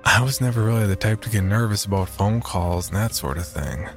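A man reading a first-person horror story in a measured, low-key scripted narration. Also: soft background music.

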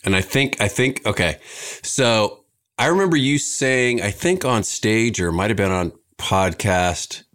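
A man's voice: fairly low pitch, animated, a little slow, fairly bright tone. A man chatting as a podcast guest, telling a rambling story full of swearing and restarts. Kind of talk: casual chat.

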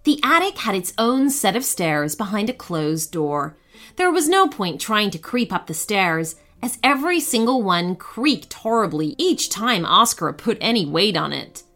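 A woman narrating a children's bedtime story with expressive, animated storytelling. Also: medium pitch, measured pace, soft background music.

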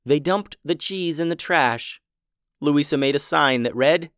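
A man narrating a children's story in an expressive, playful way. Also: fairly high pitch, a little slow, smooth, dry recording, clean studio sound.

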